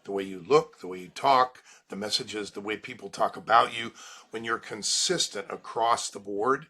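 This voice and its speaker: A middle-aged man, a branding expert guest, talking in an animated way and acting out little scenes. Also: on the low side, moderate pace, husky. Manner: energetic, acts out little scenes with quoted voices. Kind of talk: animated interview talk.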